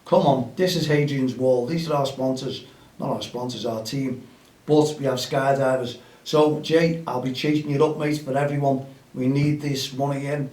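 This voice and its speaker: A man's voice: mid-range voice, fairly even intonation, normal speed, a little mellow. A man chats in an upbeat, rallying way as host of a grassroots football show. He's outdoors and sounds a little distant from the mic. There's a roomy echo around his voice. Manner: chatty and upbeat, rallying listeners. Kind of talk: casual outdoor podcast chat.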